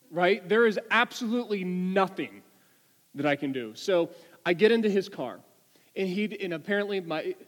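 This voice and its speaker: High-voiced man preaching in a hall. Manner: animated, stammering restarts. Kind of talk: storytelling sermon.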